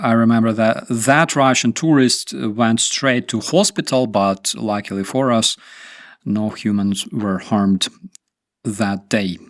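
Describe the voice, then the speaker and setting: Slow-talking man. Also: medium pitch, dry recording, clean studio sound. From Ukraine. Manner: rambling, darkly sarcastic. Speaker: streamer host. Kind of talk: casual live-stream chat.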